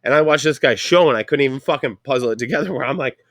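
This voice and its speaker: A man's voice: on the high side, rapid-fire, hardly any pauses, fairly bright tone, no room sound, clean studio sound. A man with a Canadian accent hosting a casual chat, telling a rambling story full of profanity. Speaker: podcast host.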